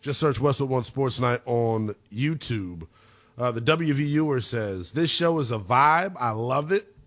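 A man hosting a late-night sports talk radio show, breaking down football stats in a lively, analytical way. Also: mid-range voice. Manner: animated, analytical, talks through stats.

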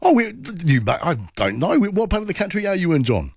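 A man's voice: high voice, sing-song, fairly quick, darkish tone, no echo, clean studio sound. A man with a New Zealand accent hosting overnight talkback radio, chatty and rambling with many fillers. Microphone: studio microphone.

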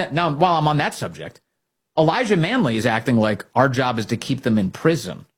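Sarcastic, animated talk show host man. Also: medium pitch, breathy edge. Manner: animated, sarcastic, mocks opponents in put-on voices. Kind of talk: political talk commentary.

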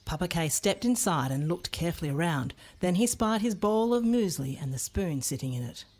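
A woman reading a children's storybook aloud in an expressive, playful way. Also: fairly low pitch, a little fast.

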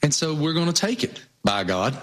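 A man with a Southwest Virginia accent, co-hosting a casual chat and telling stories in a folksy, drawn-out way. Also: a little high, big pitch swings. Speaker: co-host.

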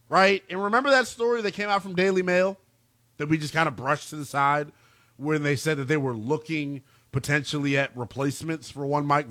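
A man co-hosting a sports talk show, incredulous and animated, firing off rhetorical questions that climb into shouts. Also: fairly high pitch, dry recording. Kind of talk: sports talk radio banter.

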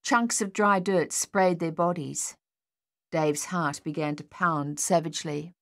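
A woman narrating an audiobook in a measured, steady storytelling manner. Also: low voice. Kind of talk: scripted narration.

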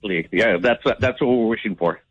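A man's voice: on the low side, moderate pace, breathy edge, highs cut off. A man calling into a sports radio show, rambling hesitantly with many restarts. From San Antonio area. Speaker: caller. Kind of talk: call-in radio chat.

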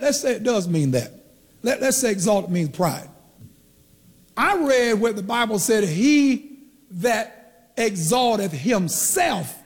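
A man's voice: sits high, creaky, breathy edge, big-room sound. A man preaching a teaching sermon, who asks the congregation questions and draws out the key words. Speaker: pastor.

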